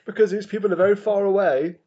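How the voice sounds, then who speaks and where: Guy goofing around on a podcast, kinda high voice, muffled lo-fi sound. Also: steady tone, fast talker, warm tone. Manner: jokey, laughs often, playful wordplay. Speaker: podcast co-host. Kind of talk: casual chat.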